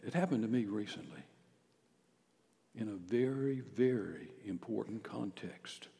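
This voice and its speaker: A male pastor preaching a sermon, emphatic at times and dropping to hushed near-whispers. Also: lowish voice, a little slow, vocal fry, pauses often. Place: church sanctuary. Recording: long hall reverb.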